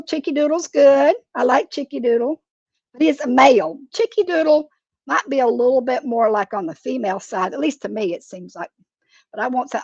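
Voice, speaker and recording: A woman's voice: fairly high pitch, dry recording, lo-fi sound. A middle-aged woman chats and laughs often while she sculpts and paints on a live stream from her craft table at home. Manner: chatty and rambling, laughs often. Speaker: craft presenter.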